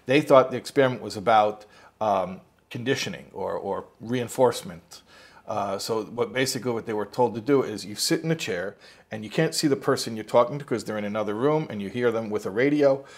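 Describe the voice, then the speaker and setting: A man's voice: lowish voice, a little fast. A man giving an informal spoken lesson as a religious teacher. He tells the story in a rambling way, restarts himself, and acts out the quotes.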